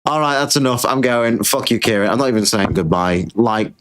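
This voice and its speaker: A man's voice: mid-range voice, fairly quick, a bit bright, clear, resonant tone. A British man hosting a livestream, ranting sarcastically and swearing, tired and irritated. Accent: British English. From Britain. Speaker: livestream host. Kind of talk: casual livestream rant.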